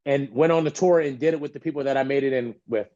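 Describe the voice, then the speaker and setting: Speaking fast in a warm, medium-pitched voice, a man appears as a guest on a podcast and tells an animated story. He performs the voices of those he quotes, though the audio sounds dull.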